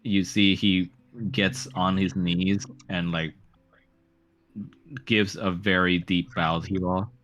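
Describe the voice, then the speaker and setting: A man narrating a tabletop game as game master, relaxed and loose, with frequent "uh"s. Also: deep voice, takes it slowly, muffled recording, faint music behind.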